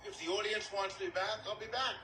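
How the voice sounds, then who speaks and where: A man joins the chat by video call. His voice is high and very bright, and he talks fast. His answers are short and agreeable. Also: steady tone, poor audio. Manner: brief, agreeable replies. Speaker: guest.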